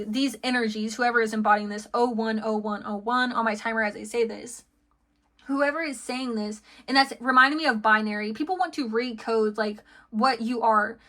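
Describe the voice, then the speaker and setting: A woman's voice: fairly high pitch, fairly bright tone. A woman giving a casual tarot reading, rambling and chatty with lots of fillers and restarts, laughing between thoughts. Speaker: tarot reader.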